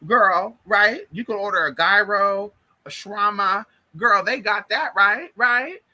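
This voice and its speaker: A man's voice: high voice, unhurried, sharp tone, slight background noise, rough recording. A man chatting casually to camera in a sassy way, swearing a lot and calling everyone girl and honey. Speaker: vlogger.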